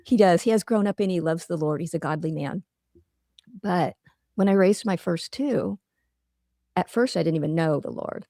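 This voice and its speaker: Middle-aged woman guest, mellow gravelly voice, earnest and reflective, interview chat. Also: lowish voice, moderate pace, pauses often, no room sound, studio quality. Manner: earnest, reflective, talks through examples. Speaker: guest author. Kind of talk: casual interview conversation.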